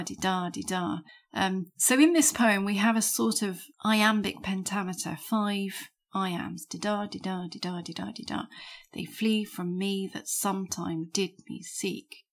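A woman hosting a discussion of a poem, asking questions and slowing down to spell out examples. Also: medium pitch. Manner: clarifying, slows to spell out examples. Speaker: host. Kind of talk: conversational literary discussion.

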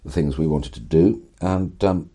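A man's voice: very deep voice, a little slow, mellow, breathy edge. An older man, a writer answering an interviewer's questions with eloquent, wry, theatrical storytelling. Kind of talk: animated conversational storytelling.

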